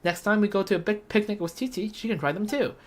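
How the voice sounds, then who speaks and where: A woman voicing a cheerful, earnest young girl traveler in a game, speaking brightly. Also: mid-range voice, quick pace, natural voice. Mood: chatty. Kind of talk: game character voice line.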